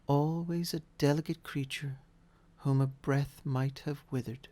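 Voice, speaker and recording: A man voicing a calm, grave ghost in a soft, measured way in a storybook reading. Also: medium pitch, close to an everyday voice. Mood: solemn.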